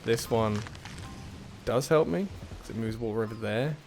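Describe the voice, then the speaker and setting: A man's voice: on the low side, moderate pace, music in the background. A man doing casual gameplay commentary on a puzzle game, muttering to himself as he works things out, with self-deprecating asides and sudden frustrated outbursts.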